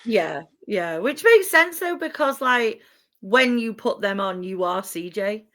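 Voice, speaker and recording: A woman's voice: medium pitch, animated, measured pace, fairly bright tone. A woman hosting a podcast interview, chatting casually and encouraging her guest, often giggling. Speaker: podcast host.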